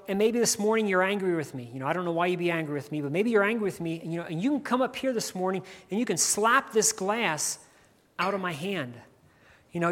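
Preacher on a church stage, says "you know" nonstop, repeats lines twice, mid pitch, long hall echo. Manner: fills nearly every phrase with "you know" and repeats key lines. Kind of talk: sermon.

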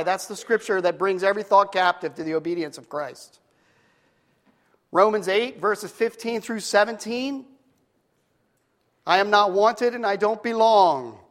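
A man preaching a sermon, telling a story and acting out the characters' lines in a soft, hushed voice. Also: sits high, big-room sound. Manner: animated storyteller, acting out voices, drops to hushed tones for quotes. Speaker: pastor.

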